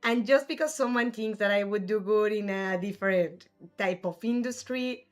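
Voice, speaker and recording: A woman's voice: medium pitch, normal speed, few pauses, faint music behind. A woman hosting a live gaming stream, casually chatting and answering her viewers' chat messages. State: has the hiccups. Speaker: livestream gamer host.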